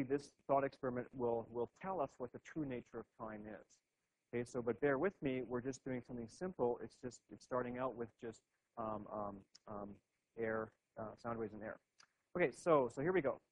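A man's voice: mid-range voice, lo-fi sound, a little hiss or hum. A man giving a classroom physics lecture at a board, thinking aloud with frequent restarts and "okay"s.

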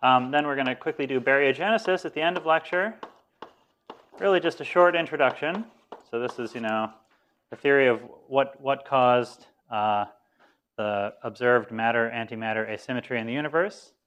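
A man's voice: mid-range voice, moderate pace, fairly bright tone, a little hiss or hum. A male physics lecturer giving a live lecture in a conversational way, often correcting himself mid-sentence. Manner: conversational, many self-corrections and restarts; dry self-deprecating humor.

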